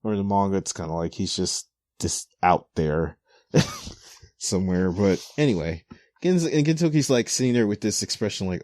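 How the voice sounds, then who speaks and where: A young man hosting a casual podcast, animatedly recapping manga and acting out the characters' lines in quick voices. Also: low voice, a little mellow, no echo, clean studio sound. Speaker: podcast host.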